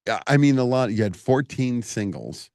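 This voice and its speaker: A man's voice: mid-range voice, very animated, normal speed, a little mellow, no echo, clean studio sound. A man hosting a radio interview, keen and laughing easily as he talks with his guest. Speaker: radio host and club owner. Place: radio studio.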